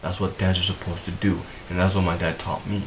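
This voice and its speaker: Young male vlogger, deep and monotone, emotional and rambling, faint hiss on the track. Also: fairly quick. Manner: emotional, rambling, repeats himself. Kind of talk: earnest talk to camera.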